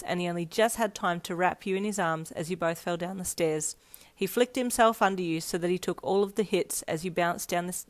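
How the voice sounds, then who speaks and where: A woman narrating a fanfiction story aloud in a steady storytelling read. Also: on the low side. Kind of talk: scripted narration.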